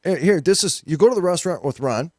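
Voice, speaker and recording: A man's voice: fairly high pitch, fast talker, no room sound. A man co-hosting a radio show, chatting and teasing playfully in the studio and telling stories with lots of energy. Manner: playful, teasing, animated storyteller. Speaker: co-host. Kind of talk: casual chat.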